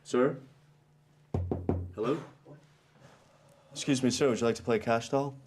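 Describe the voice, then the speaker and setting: A man playing a deadpan prank game-show host. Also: mid-range voice, unhurried, music in the background, lightly acted. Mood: pestering. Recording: noisy clip streamed with clicks.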